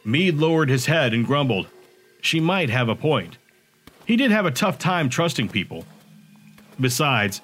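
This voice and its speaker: A man's voice: medium pitch, a bit bright. Man narrating a sci-fi audiobook. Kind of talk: scripted narration.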